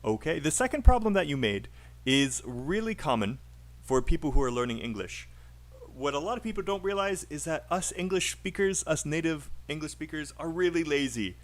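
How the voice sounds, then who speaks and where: A man teaching a live online English speaking class, encouraging and laughing often. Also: fairly high pitch.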